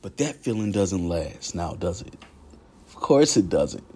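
Man, podcast host, husky voice, deep, raw confessional monologue, swearing, drops low then flares up. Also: sing-song, a little slow, dark tone. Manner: swings from low murmurs to heated outbursts. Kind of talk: candid monologue.

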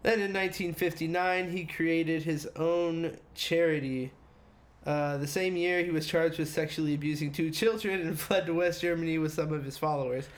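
Give me a man with a fairly high voice co-hosting a loose podcast. He reads his notes aloud, then breaks off into crude, joking asides. He laughs often as he goes. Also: fairly even intonation, moderate pace. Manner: laughs often mid-sentence. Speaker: podcast co-host reading the story. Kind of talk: casual podcast chat.

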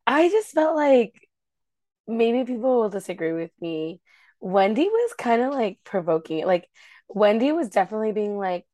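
A woman co-hosting a casual podcast, animated, swearing and acting out quotes. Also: medium pitch, moderate pace, no echo, clean studio sound. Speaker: podcast co-host. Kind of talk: casual recap chat.

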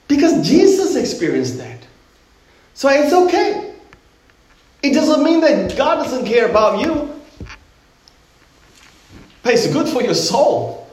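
Man, middle-aged, pastor, emphatic sermon, slightly high voice, roomy echo. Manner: emphatic, rhetorical questions to the congregation. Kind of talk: Easter sermon. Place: church sanctuary. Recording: roomy echoing sanctuary.

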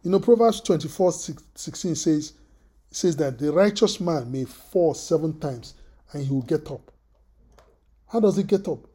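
Halting husky preacher. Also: mid-range voice, animated, mellow. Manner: halting, repeats words, asks the listeners questions; often clears throat. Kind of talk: sermon.

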